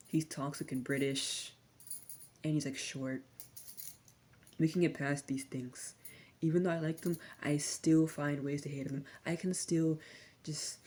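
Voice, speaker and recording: Low, mellow young woman's rambling rant. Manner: slangy, sardonic, drifting between soft talk and whispers. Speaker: vlogger.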